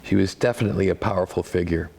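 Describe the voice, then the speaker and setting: A Midwestern-accented man rattles through a one-man stage monologue very fast, in a gravelly, darkish voice with a steady tone. His humor is wry and self-deprecating in a dad-joke way, and his pitch jumps for comic emphasis.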